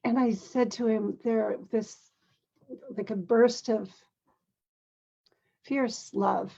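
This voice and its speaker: A story from her own life comes from an older woman who is both a mother and grandmother, told gently and earnestly at a steady pace with the odd throat clearing. She speaks on the high side with fairly even intonation, and the highs of the recording are cut off.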